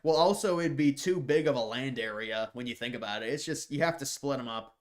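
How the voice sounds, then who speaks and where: Answering questions from viewers on his live stream, this man talks casually and fairly quickly in a medium-pitched voice. He rambles, stumbles over repeated words at the start of sentences, and adds mocking, scornful remarks.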